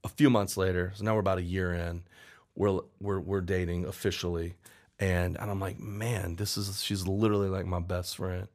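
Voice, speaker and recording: A man with a very low voice tells a personal story in a casual interview. He rambles and restarts, quoting people as he goes. He sounds like a songwriter in his forties being open about his past. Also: flat delivery, a little fast, a little mellow. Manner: candid, rambling, with restarts and acted-out quotes. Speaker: songwriter guest.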